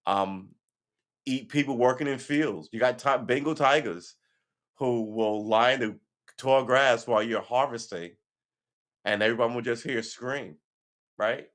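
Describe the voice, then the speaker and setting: A man's voice: mid-range voice, measured pace, a bit bright. A man talking casually on a livestream, rambling and profane, with sarcastic asides. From United States. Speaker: livestream host.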